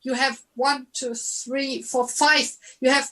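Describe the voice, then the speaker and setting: A woman leads an online music lesson over a video call. Her voice sits fairly high and her delivery is slow and patient. She often sings phrases on nonsense syllables to show how they should go. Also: level tone, bright, forceful tone, rough recording. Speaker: music teacher giving a masterclass.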